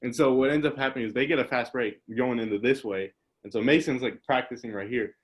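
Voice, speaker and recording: A man's voice: mid-range voice, quick pace. A young man hosting a casual podcast over a video call, telling stories in a rambling way with lots of "like" and laughter. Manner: rambling storyteller, laughs often, says "like" a lot. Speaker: podcast host. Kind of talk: casual chat.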